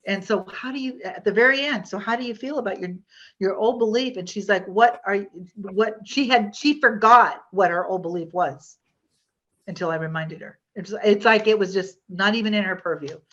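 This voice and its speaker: A woman hypnotherapist leads a casual online workshop, talking in a chatty, rambling way full of restarts and fillers. Her pitch sits in a middle range for a woman. The sound is a little dull and lo-fi, like audio over a video call. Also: normal speed, fairly bright tone.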